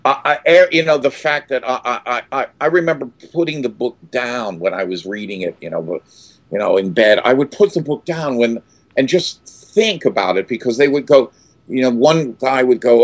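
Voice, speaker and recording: A man in his sixties, an actor being interviewed, telling stories with much animation, acting out quotes with sudden loud outbursts and many restarts. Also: medium pitch, animated, normal speed, no room sound.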